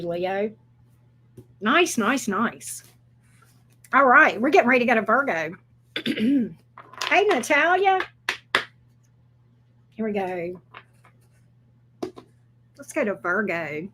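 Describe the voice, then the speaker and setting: A woman giving a casual tarot reading who talks in a chatty, excitable way and swears freely. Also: medium pitch, takes it slowly, long pauses, slight background noise. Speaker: tarot reader.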